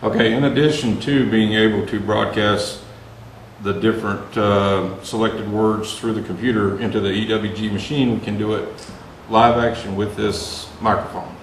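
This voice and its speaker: A man's voice: lowish voice, steady tone, moderate pace. A man, a paranormal investigator, explaining his equipment in an easygoing casual demo. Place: indoor room with equipment table. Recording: roomy echo with mains hum.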